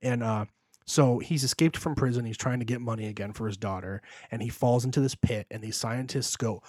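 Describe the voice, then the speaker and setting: Husky young man retelling a movie. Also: medium pitch, expressive, brisk, darkish tone, no room sound, studio quality. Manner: rambling, emotional retelling with many fillers. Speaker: podcast co-host. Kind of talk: casual chat.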